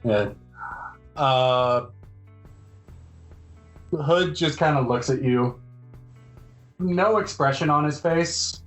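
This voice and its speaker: A man narrating a tabletop game as game master, laid-back and deadpan. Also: a little high, extremely slow, long pauses, faint music behind.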